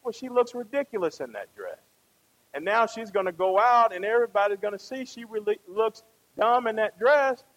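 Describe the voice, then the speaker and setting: A man's voice: high voice, lively intonation, moderate pace, fairly bright tone, rough recording. A man preaching a conversational sermon, often asking the congregation questions and tagging them with "right?".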